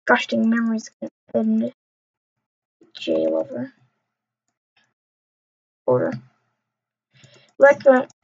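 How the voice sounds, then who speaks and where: A young woman with a fairly high voice talks slowly and loosely while she plays, mumbling to herself and tossing out jokey trash talk. The sound is dull and lo-fi, like a cheap home mic. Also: wildly swooping pitch, a little mellow, slightly rough. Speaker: gamer. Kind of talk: casual gameplay commentary. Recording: dull lo-fi recording.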